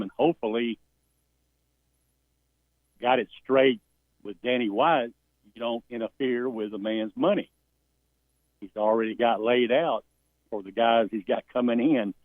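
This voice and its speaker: A man's voice: medium pitch, no echo. A man calling in to a sports talk show, giving folksy, emphatic opinions. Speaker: caller. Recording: tinny phone line.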